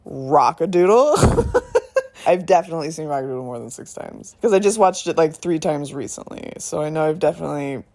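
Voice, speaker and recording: Excited swearing woman ranting into phone. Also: sits low, brisk, vocal fry. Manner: excited, rambling, swears a lot, laughs often. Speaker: film reviewer. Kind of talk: casual voice memo rant. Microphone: phone voice memo.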